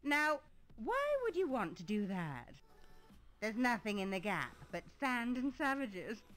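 A woman's voice: on the high side, big pitch swings, a little slow, fairly bright tone. An actress voicing a haughty older society lady in an adventure game, with a condescending manner and faint game music behind. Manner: snobbish, condescending.

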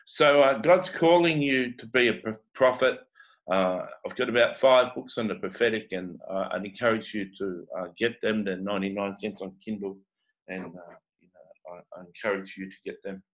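A man with a New Zealand accent giving a halting, unscripted prophetic reading, full of pauses and fillers. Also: fairly low pitch, poor audio. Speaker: prophetic teacher.

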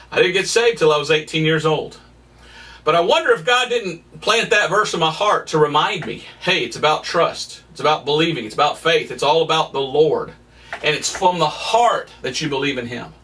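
A man's voice: normal speed, distant mic. A man preaching a sermon as a missionary evangelist, earnest and emphatic, recorded indoors at home. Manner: earnest, emphatic, lively pitch swings, occasional laughs. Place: his family home, indoors.

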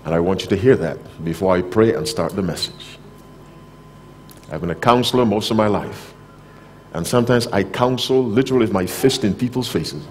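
Direct preacher, man, loud then soft. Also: lowish voice, moderate pace, a little hiss or hum. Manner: direct, questions the audience. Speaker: pastor. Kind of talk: sermon. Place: conference hall, live audience.

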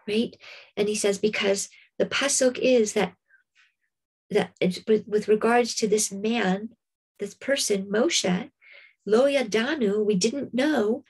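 A woman giving a reflective spiritual Torah class, often pausing with "um" and checking in with "right?". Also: mid-range voice, breathy edge. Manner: reflective, with many fillers and repeated "right?". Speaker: Torah teacher.

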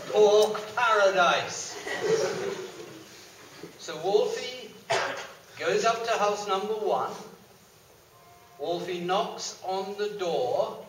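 A storyteller at a variety show reads a children's story aloud on a hall stage, playful and full of joking asides. His voice is high and slow with frequent pauses. Recorded from far off, the hall sounds echoey and there's background noise.

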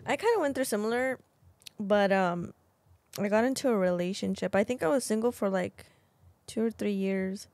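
A woman's voice: medium pitch, normal speed, darkish tone, no echo. A young woman co-hosting a podcast, speaking frankly and swearing casually as she chats. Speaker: podcast host. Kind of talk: casual chat.

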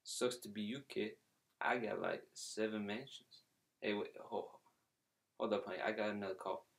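For a comedy phone-call skit, a man plays a brash, rich football fan with a put-on New York accent, boasting, brushing people off and rambling with fillers. His lowish voice holds a steady tone at normal speed, with vocal fry.

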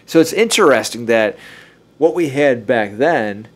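A man's voice: mid-range voice, lively intonation, unhurried. A man co-hosting a casual podcast, joking and stumbling a little as he reads from his notes. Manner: jokey, stumbles while reading aloud. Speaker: podcast co-host. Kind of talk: casual chat, reading from notes.

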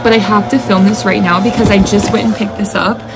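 A young woman with a Southern US accent, talking in a casual home vlog. She gushes and gets excitable, with lots of fillers. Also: medium pitch, music in the background. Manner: gushing and excitable, fast filler-heavy talk. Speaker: vlogger. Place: home indoors. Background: lawn equipment outside.

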